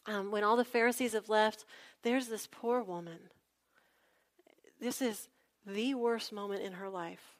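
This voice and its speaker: A woman's voice: mid-range voice, a little slow, long pauses. Woman preaching conversationally. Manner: conversational, animated storytelling with asides to the congregation. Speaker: pastor. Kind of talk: sermon.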